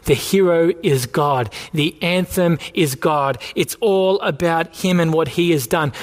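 A man preaching a sermon as the church's pastor, earnest, pressing his listeners with repeated questions. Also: a little high.

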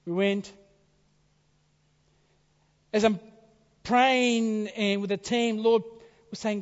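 High-voiced preacher in a reverberant hall. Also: male voice, fairly even intonation, drawn-out words, pauses often. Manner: dramatic swings from loud to hushed whispers. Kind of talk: sermon. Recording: dull sound in a reverberant hall.

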